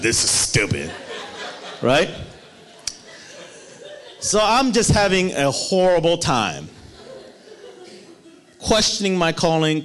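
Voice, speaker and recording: A man preaching a sermon, telling a personal story with animated delivery and acted-out voices. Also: on the high side.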